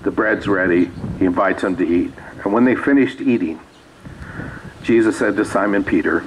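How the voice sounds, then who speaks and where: Low-voiced man preaching casually. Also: moderate pace, slight background noise, poor audio. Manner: conversational, reads scripture aloud with asides. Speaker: pastor. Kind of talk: sermon. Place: small church sanctuary.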